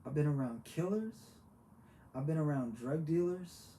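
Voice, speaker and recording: A man giving a heartfelt, preachy motivational talk, halting and repeating himself as he goes. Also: fairly high pitch, mellow. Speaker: motivational vlogger. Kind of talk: earnest motivational monologue. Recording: echoey room with faint background hiss.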